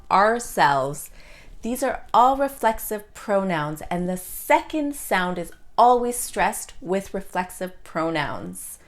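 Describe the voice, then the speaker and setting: A woman teaching an English pronunciation lesson, saying each example word slowly and deliberately. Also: medium pitch.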